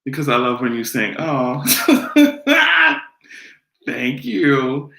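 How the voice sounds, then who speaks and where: A man's voice: medium pitch, huge pitch swings, drawn-out words, creaky, bright, forceful tone, roomy sound. A man hosting a casual commentary vlog, sassy and profane, laughing often as he talks. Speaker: host.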